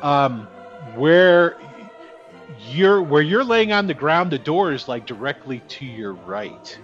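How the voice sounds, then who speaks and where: A man running a tabletop game as game master, animated, laughing and swearing casually. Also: on the high side, takes it slowly. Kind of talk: narrating a tabletop game session. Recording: dull lo-fi sound with faint music.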